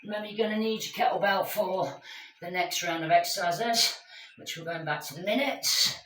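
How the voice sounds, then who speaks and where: A woman's voice: fairly low pitch, moderate pace, fairly bright tone, slight background noise. A woman leading a live workout class, chatty and encouraging as she calls out exercises to her group. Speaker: fitness instructor. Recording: echoey room, mic at a distance.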